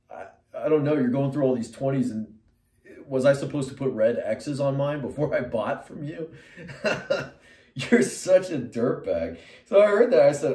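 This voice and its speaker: A man's voice: medium pitch, animated, moderate pace, mellow. Middle-aged man rambling in a roomy space. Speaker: metal musician and artist. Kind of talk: rambling personal storytelling to camera. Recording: roomy sound from a distant mic.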